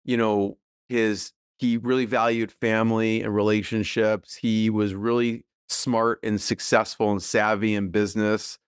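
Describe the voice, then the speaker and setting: Middle-aged guy on a podcast, smooth clear voice, dry close sound, lots of ums. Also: fairly low pitch, level tone, unhurried, few pauses, dry recording. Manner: thoughtful, rambling with fillers and laughs. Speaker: podcast guest, business co-founder. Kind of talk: casual interview conversation.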